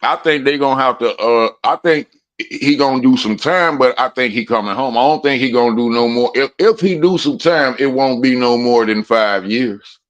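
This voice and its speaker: A man in hosts a casual livestream, telling stories with loose, profane talk. His pitch sits in a middle range, neither high nor low. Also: normal speed, dull audio. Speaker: livestream host. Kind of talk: casual chat.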